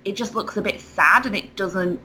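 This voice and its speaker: Woman, chatty storyteller, bright voice, faint hiss. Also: mid-range voice, normal speed, poor audio. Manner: animated storyteller, laughs often. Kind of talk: casual chat.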